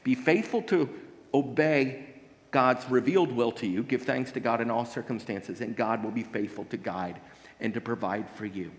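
A man's voice: medium pitch, normal speed. A man preaching a sermon as pastor, earnest and emphatic, asking the congregation rhetorical questions. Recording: long hall reverb.

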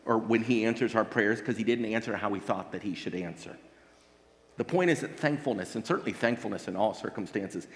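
Male pastor preaching, earnest and emphatic, lots of rhetorical questions, average pitch, long hall echo. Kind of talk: sermon.

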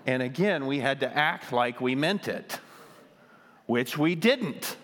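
A man's voice: medium pitch, expressive, takes it slowly, fairly bright tone, in a large hall. A man giving a conversational sermon, telling a childhood story with lots of ums and self-deprecating humor.

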